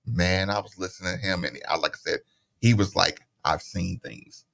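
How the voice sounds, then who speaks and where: A middle-aged man hosting a sports radio show, telling stories in a casual, animated way and acting out the voices of the people he quotes, into a studio microphone. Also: sits low, brisk, gravelly.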